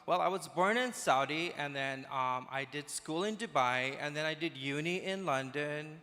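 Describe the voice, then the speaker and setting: A man's voice: a little high, moderate pace, sharp tone. A man doing a rambling young woman. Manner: rambling and hesitant. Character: rambling young woman listing her many homes. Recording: echoey hall with long reverb.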